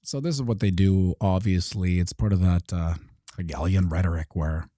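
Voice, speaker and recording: A man hosting a casual commentary monologue, sarcastic, often acting out mock dialogues in quick changes of voice. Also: sits low, warm tone, no room sound, studio quality. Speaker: host.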